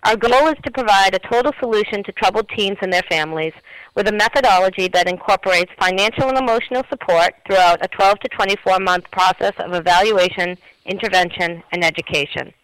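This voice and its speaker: A man reading a charity announcement in a smooth, polished way. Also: high-pitched, a little fast, a bit bright, dry recording, rough recording.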